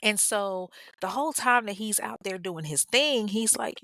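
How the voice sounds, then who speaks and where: A woman's voice: mid-range voice, big pitch swings, moderate pace, hardly any pauses, a bit bright, no room sound. A woman podcast host telling a true-crime story in a casual, candid way, with profane, chatty asides to her listeners.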